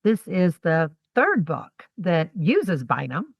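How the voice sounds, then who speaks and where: A woman's voice: on the low side, big pitch swings, slow pace, dry recording. A middle-aged woman from Georgia, chatting as an author guest and telling stories in homespun phrases. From Georgia, USA. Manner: warm storytelling, homespun phrases. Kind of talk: casual interview chat.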